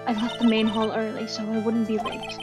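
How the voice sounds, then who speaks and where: Woman voicing a young Southern-accented nun in a game, fairly high voice, music behind. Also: completely flat delivery, brisk, lightly acted. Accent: put-on Southern US. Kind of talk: fan voice-over of a game.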